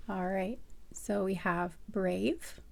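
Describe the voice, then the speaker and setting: A young adult woman giving a casual tarot reading, rambling with many fillers and soft laughs. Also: mid-range voice, steady tone, slow pace, creaky, slight background noise. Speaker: tarot reader.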